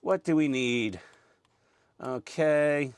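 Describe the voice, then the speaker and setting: A man's voice: on the high side, very slow, clean tone, no echo. A man hosting a casual hobby build vlog on a lapel mic, joking, rambling and mocking himself. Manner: jokey, self-mocking, rambling. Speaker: host.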